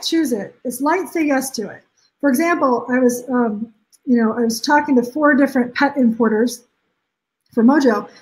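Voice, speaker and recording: The audio is poor, and the woman's voice sits high. She's a life coach on a live stream, upbeat and emphatic, coaching viewers and playing out what people say.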